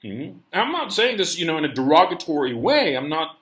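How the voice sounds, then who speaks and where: A man hosting his own channel tells a story indoors in a loose, rambling, conversational monologue. His slightly high, somewhat bright voice moves briskly with big swings in pitch, and the room gives it a roomy echo.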